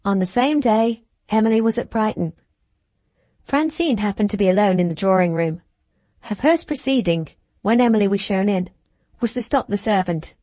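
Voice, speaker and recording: Narrating a classic novel as an audiobook, this woman uses a mid-range voice and a steady, measured delivery, with no echo in the recording.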